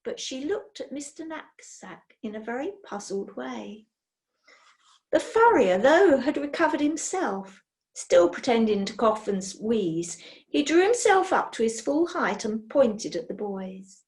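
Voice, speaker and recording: A woman reading a children's storybook aloud in an expressive way. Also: on the high side. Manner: slow, expressive.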